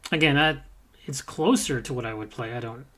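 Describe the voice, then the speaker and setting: A man's voice: mid-range voice, fairly quick, fairly bright tone. A man co-hosting a casual gaming podcast, giving blunt, profane opinions with bursts of energy. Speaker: podcast co-host.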